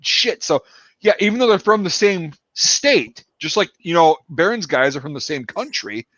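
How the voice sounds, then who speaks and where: A man's voice: fairly high pitch, animated, normal speed, a bit bright, no room sound, muffled recording. A man talking casually about his film production, rambling with many fillers and restarts. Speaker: filmmaker discussing his production. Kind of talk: casual podcast chat.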